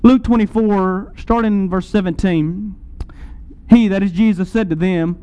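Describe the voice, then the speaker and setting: High-voiced man preaching a vivid sermon. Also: moderate pace, clean tone, low-quality recording. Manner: dramatic second-person retelling, swings loud and soft.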